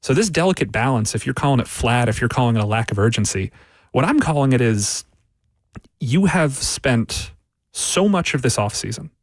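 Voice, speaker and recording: This sports writer, a guest on a sports radio show, makes analytical arguments that build by repeating points. He speaks expressively at a moderate pace in a mid-range voice, with dry, close studio sound and no echo.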